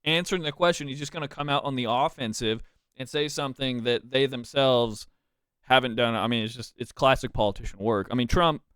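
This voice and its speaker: A man's voice: mid-range voice, a little fast, a bit bright, clear, resonant tone, dry recording, clean studio sound. A man streaming, giving casual reaction commentary with a chatty, laughing manner.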